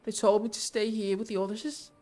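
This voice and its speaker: A man doing a high frightened small child. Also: flat delivery, a little fast, dark tone, close to an everyday voice. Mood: worried. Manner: high, pleading, breathless.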